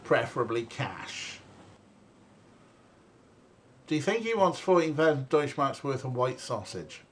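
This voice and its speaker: A man's voice: mid-range voice, very animated, measured pace, a bit bright, slight background noise. A young man casually commentating a game, rambling and joking and laughing often. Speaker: let's play streamer.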